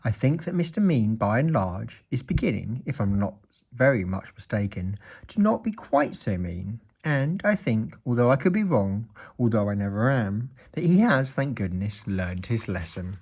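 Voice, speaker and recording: A man's voice: mid-range voice, big pitch swings, moderate pace, a little mellow, husky. A man voicing a pompous, long-winded old male wizard who lectures sternly and sounds pleased with himself. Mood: smug. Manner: wordy, self-satisfied, stern.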